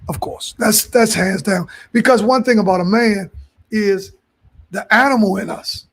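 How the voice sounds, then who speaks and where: A man co-hosts a podcast in animated, profane casual chat. His voice sits high and gravelly, with a husky edge. He tells his stories loudly. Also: measured pace. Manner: loud, profane, animated storytelling. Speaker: podcast co-host.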